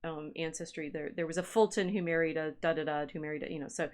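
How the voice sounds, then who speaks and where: A woman's voice: sits low, steady tone, quick pace, darkish tone. A woman historian co-hosting a casual livestream chat, musing aloud as she reads through family records. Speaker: podcast co-host and historian.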